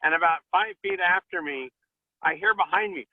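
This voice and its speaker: A man's voice: high-pitched, moderate pace, dry recording. A man telling a story as a guest in a casual chat, playing out the quoted lines. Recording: tinny phone-like line.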